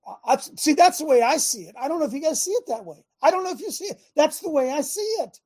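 Guy preaching on his talk show, fired up, yells to make a point. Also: very high-pitched, lively intonation, fast talker. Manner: fiery, preachy, shouts for emphasis.

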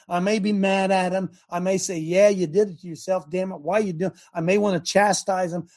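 Gravelly older male preacher, fiery. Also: sits high, mellow. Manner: fiery, peppered with rhetorical questions to the crowd. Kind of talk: sermon.

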